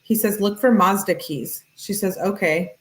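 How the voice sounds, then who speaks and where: Woman true-crime commentator, mid-pitched voice, reads text messages aloud in a quick, plain way. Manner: brisk, matter-of-fact reading, tagging each message with he says or she says; talks directly to viewers in chat.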